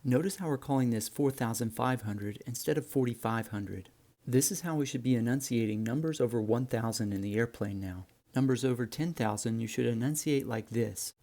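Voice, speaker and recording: Brief: a male flight instructor with a warm, gravelly voice, explaining in an easygoing way. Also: mid-range voice, a little fast. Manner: relaxed, friendly explaining, addresses viewers as guys. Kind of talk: instructional narration.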